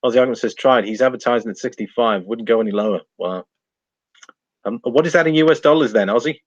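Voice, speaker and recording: A man hosting a live stream, chatting casually and thinking out loud while he reads out figures and viewer comments. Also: mid-range voice, quick pace, no echo, lo-fi sound. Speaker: livestream host reading viewer chat.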